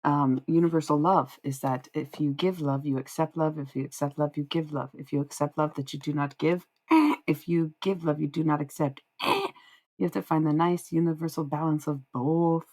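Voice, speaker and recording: A woman's voice: deep voice, steady tone, normal speed, darkish tone, rough recording. A woman live-streaming casual spiritual readings, rambling and swearing freely as she answers chat.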